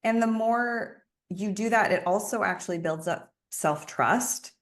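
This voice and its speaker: A woman podcast host and love coach, explaining ideas calmly in a casual chat. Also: mid-range voice, unhurried.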